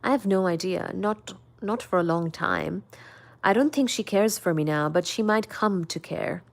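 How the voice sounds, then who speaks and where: A woman's voice: mid-range voice, normal speed, creaky, close to an everyday voice. A woman voicing a troubled, apologetic young man in a novel read aloud, in an earnest, emotional manner. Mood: tender.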